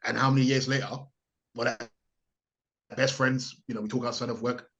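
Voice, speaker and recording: A man with a British accent, a wrestler guest, speaking in a halting way with laughs between phrases. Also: mid-range voice, flat delivery, fairly bright tone, muffled recording. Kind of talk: casual interview chat.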